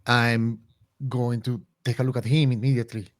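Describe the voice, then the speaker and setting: A player in a tabletop game, speaking in a drawn-out way with a voice that swings widely in character. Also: mid-range voice, level tone, no room sound. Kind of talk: tabletop play.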